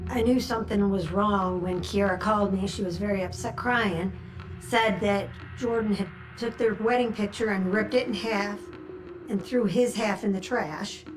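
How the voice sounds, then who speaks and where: Woman in a true crime interview, plain steady telling of what happened. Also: medium pitch, normal speed, over music, poor audio. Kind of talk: documentary interview recollection.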